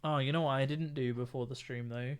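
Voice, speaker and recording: A man's voice: mid-range voice, steady tone, fairly quick, clean tone. A man streaming while he paints miniatures, laid-back and chatty, laughing often. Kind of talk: casual chat.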